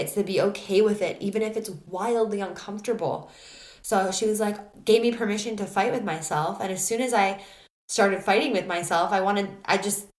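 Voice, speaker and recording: A woman hosting a solo podcast, telling a personal story in a candid, animated way, full of "like" and restarts. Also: mid-range voice, reverberant. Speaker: podcast host.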